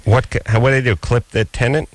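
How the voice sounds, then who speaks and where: A man's voice: medium pitch, steady tone, fast, dry recording. A man co-hosting a late-night call-in radio show, in casual, rambling, joking banter that mocks himself. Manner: rambling, joking, self-mocking.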